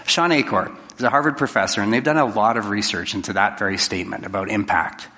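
Bright-voiced man speaking in a hall. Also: fairly low pitch. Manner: conversational, jokey, acts out quoted exchanges. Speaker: public speaker. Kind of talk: motivational talk to a live audience.

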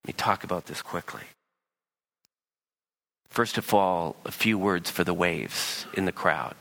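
Gravelly, forceful male preacher. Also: low-pitched, measured pace. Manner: animated, acts out voices in quoted dialogue. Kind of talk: sermon.

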